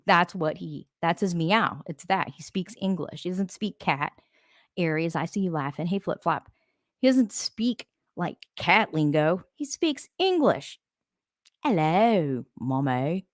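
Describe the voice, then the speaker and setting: A woman's voice: lowish voice, expressive, a little slow, no echo, studio quality. A woman hosting a casual live stream, talking to viewers, answering their comments and laughing often. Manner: laughs often, rambling asides.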